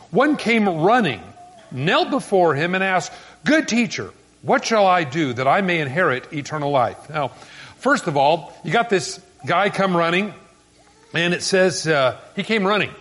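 A man preaching a sermon in a folksy, conversational way, with asides and small jokes, swinging between quiet and emphatic. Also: on the high side. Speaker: pastor.

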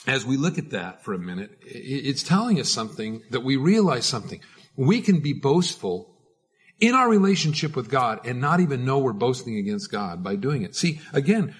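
A man's voice: mid-range voice, slightly rough. A man preaching a conversational sermon as a pastor, informal and prone to repeating words.

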